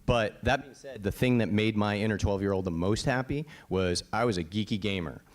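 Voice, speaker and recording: A man's voice: lowish voice, a little fast. A man from Connecticut, a voice actor on a panel, telling stories in a blunt, emphatic way, swearing now and then and often asking "right?". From Connecticut, USA. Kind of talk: casual panel storytelling.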